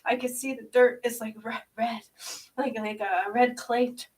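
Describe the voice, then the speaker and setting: A woman with a fairly high voice channels a spiritual vision, crying and short of breath. She halts, repeats her words and laughs through her tears. Her voice sounds a little distant from the microphone. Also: little pitch movement, moderate pace. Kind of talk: emotional channeling session.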